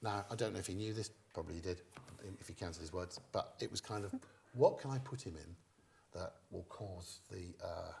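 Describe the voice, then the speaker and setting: A middle-aged man, a guest comedian, telling stage anecdotes in an interview as a lively storyteller who acts out quoted lines. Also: low-pitched, a little fast, creaky, slight background noise.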